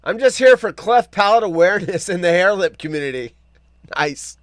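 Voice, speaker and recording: A man's voice: high voice, normal speed, dry recording. A man hosting a live show, chatting casually, joking and reading viewer comments aloud. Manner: animated, joking, reads chat comments aloud. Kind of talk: casual live-stream chat.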